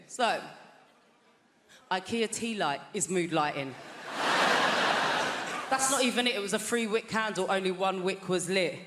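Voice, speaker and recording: A comedian performing a stand-up routine on a large theatre stage, telling stories in an animated way and jumping into squeaky high mock voices. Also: normal speed, long pauses, reverberant, heavy background noise. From Britain. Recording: live theatre with a loud audience.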